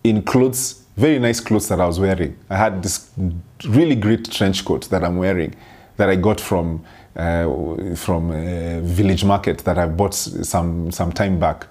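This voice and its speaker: A young man delivers a sermon in a somewhat low, husky voice. He speaks earnestly, telling a personal story and circling back on key phrases for emphasis. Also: a little slow, a little mellow. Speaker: preacher.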